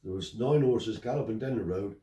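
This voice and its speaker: Speaking briskly in a voice on the low side, this older man tells animated stories and performs the dialogue himself. He's a Romany Traveller being interviewed casually, recorded in a roomy space from afar.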